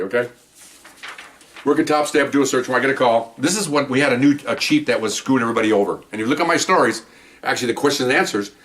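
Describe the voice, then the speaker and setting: Fast-talking retired cop telling stories. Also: male voice, mid-range voice. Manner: animated, acts out dialogue in quoted voices. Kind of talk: casual storytelling monologue.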